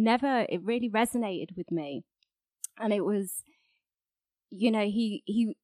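A woman hosting an interview, speaking gently and reflectively, often trailing off softly. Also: mid-range voice, no room sound. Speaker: host.

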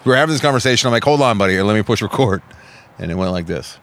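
A man on a casual podcast with a very deep voice. He talks quickly. He drops short, dry asides between the others' stories. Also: animated, a bit bright. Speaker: podcast co-host. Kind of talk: casual chat.

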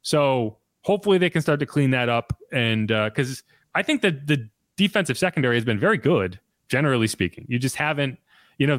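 A man's voice: mid-range voice, no room sound, studio quality. A man hosting a sports podcast, talking loosely and conversationally with frequent restarts. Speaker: podcast host and sports reporter. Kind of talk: casual sports podcast chat.

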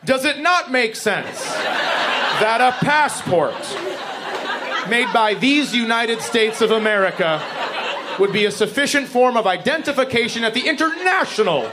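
A man's voice: extremely high pitch, lively intonation, unhurried, a loud crowd, very noisy, pitched above the performer's own voice. A man voicing a young girl who argues like a formal, indignant lawyer. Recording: live stand-up with loud audience laughter.

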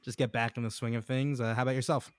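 A man's voice: medium pitch, flat delivery, fast talker, clear, resonant tone, no echo. A man co-hosting a wrestling podcast in casual chat, sick with a cold and telling self-deprecating stories. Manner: chatty, self-deprecating storyteller. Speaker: podcast co-host.

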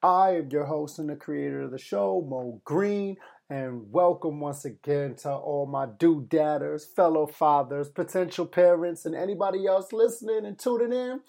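Young male podcast host, new father, warm mellow voice, loose and self-deprecating delivery. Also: on the high side, normal speed, vocal fry. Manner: chatty and self-deprecating, with mild swearing. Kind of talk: casual solo podcast monologue.

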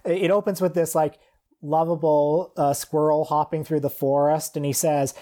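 A man co-hosting a podcast, chatting casually about cartoons with wry, animated storytelling. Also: on the high side, normal speed. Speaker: podcast co-host. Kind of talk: casual film-discussion chat.

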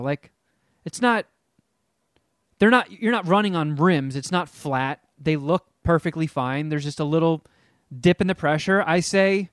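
Brief: man, fairly high voice, dry close sound, casual comic storyteller. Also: a little slow, no room sound. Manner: animated, rambling, self-mocking; acts out quotes in character voices. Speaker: podcast co-host.

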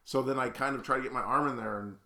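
This man's gravelly, medium-pitched voice moves fast and sounds roomy. Co-hosting a podcast, he chats casually and laughs through his own animated stories.

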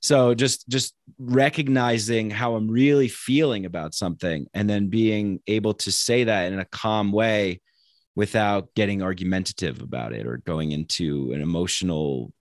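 Low-voiced man musing in dry sound. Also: normal speed, dry recording. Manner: reflective, rambling with many restarts and fillers; acts out quoted exchanges in a raised put-on voice. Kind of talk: casual conversation.

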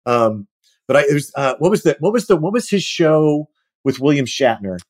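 A man's voice: a little high, moderate pace. Guy telling a funny story on a podcast, acts out the quotes, swears a lot, mocks himself. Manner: animated storyteller acting out quoted voices; profane, self-mocking. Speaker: guest actor. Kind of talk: casual anecdote telling.

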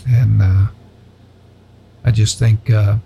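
A man's voice: on the low side, steady tone, slow pace, vocal fry, warm tone, a little hiss or hum. A man hosting a casual Christian radio show from a studio, joking and sincere by turns.

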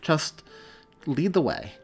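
A steady male police officer talks in a calm, reassuring way, as an audiobook reader puts him on. His voice sits a little above the narration, with faint music in the background. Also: fairly high pitch, slow pace, gravelly, pitched above the performer's own voice, exaggerated voice.

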